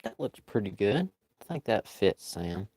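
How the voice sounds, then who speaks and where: A man's voice: fairly low pitch, big pitch swings, measured pace, a little mellow, dry recording. A man chatting casually with his viewers as he draws live, in an easygoing, rambling way. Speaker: live-stream artist. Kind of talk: casual chat while drawing.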